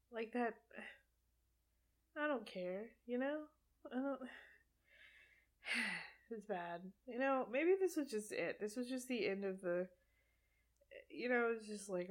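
Young woman, podcast host, casual movie recap, sarcastic, animated, mid-range pitch. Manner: sarcastic, animated, laughs often.

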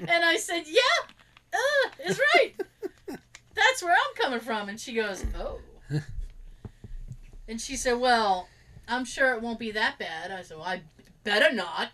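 A woman with a slightly high voice speaks slowly and pauses often. In casual chat she tells animated stories about work, acting out her coworkers' words.

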